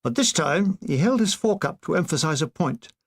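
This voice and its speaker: A man's voice: a little high, normal speed. Man reading a wry war memoir. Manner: wry, expressive storytelling. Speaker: audiobook reader.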